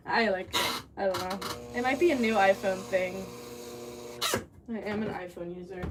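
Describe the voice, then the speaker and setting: A young woman rambling casually and laughing as she chats with a live-stream audience from a pottery studio. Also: mid-range voice. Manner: rambling, chatty, quick to laugh. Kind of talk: casual live-stream chat while working. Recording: distant mic with background noise.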